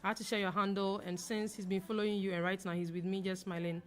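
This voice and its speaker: Fast-talking woman hosting a trading livestream. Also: mid-range voice, little pitch movement, soft background music. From Ghana. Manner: fast-talking, reads comments aloud and answers them. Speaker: forex trading livestream host. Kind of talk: casual livestream chat reading viewer comments.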